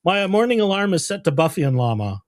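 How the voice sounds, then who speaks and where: Co-host riffing on a stream, dry mic, kinda animated. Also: medium pitch, fast talker, no room sound. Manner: animated, mocking impressions. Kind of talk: casual chat.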